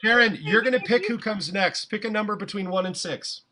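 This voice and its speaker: A man's voice: sits high, brisk, noisy background. A man hosting an online improv show over a video call, cheering performers on with big energy. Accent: put-on Georgia drawl in scene. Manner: exuberant, cheering.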